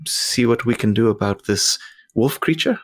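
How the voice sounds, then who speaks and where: A man's voice: medium pitch, lively intonation, normal speed, lightly acted. A man voicing a prim, proper noblewoman adventurer in a put-on English accent, with formal, courtly phrasing.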